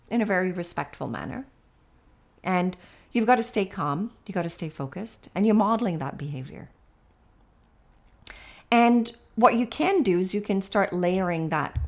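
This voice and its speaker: A woman educator in a casual podcast discussion, explaining her methods step by step, often checking in with "right?" and turning playful and animated as she acts out examples. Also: fairly low pitch.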